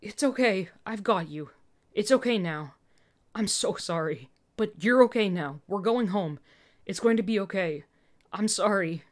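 A woman's voice: on the low side, fairly even intonation, takes it slowly, slightly rough, full character voice. A woman voicing a distraught young adult caregiver whose voice cracks as they plead and soothe. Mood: soothing.

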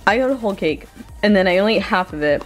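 A woman's voice: medium pitch, lively intonation, quick pace, faint music behind. Bubbly young woman chatting to her vlog viewers. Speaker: vlogger. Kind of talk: casual vlog chat. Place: at home.

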